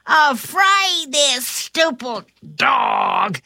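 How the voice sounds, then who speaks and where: A woman voicing an angry male burglar, slow and threatening. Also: high-pitched, wildly swooping pitch, gravelly, bright, forceful tone, heavily acted. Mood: snarling.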